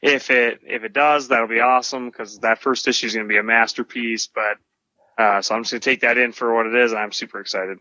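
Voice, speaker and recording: Bright-voiced podcast guy, lo-fi dry sound. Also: mid-range voice, steady tone, fast talker, dry recording. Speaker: podcast co-host. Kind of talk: casual chat.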